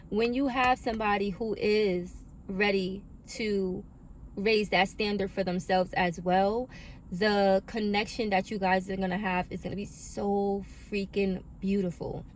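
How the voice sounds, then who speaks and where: A woman's voice: mid-range voice, unhurried, a little hiss or hum. A woman giving a spiritual card reading to her viewers, emphatic and affirming, with casual swearing, recorded on a phone. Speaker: oracle card reader.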